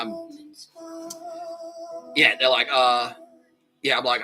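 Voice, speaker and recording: An Australian man hosts a podcast, telling a rambling, profane comic story punctuated by frequent laughter. His medium-pitched voice stays fairly flat, and he speaks slowly with many pauses. Music plays underneath, and the recording is rough.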